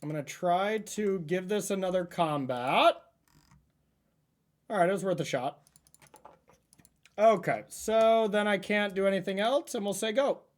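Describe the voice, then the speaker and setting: A man streaming a card game, thinking aloud about his plays in a relaxed, chatty way. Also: sits high, unhurried, long pauses. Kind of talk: casual gameplay commentary.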